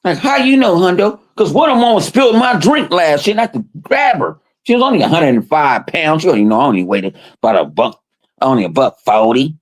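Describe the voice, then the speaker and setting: A fast-talking man whose voice is a little high hosts a podcast. He swears freely and acts out quoted voices as he tells animated stories in casual conversation.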